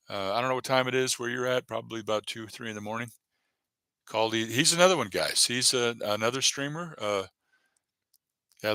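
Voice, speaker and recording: A man with a fairly low but bright, forceful voice talks loosely through a livestream, encouraging viewers and reading their chat aloud. The sound is dry and close, with no room around it. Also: no echo. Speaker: YouTube livestreamer.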